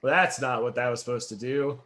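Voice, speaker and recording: A man's voice: mid-range voice, steady tone, fairly quick, bright, forceful tone, slight background noise. A man acting as game master for a tabletop game, speaking in a casual way and laughing often.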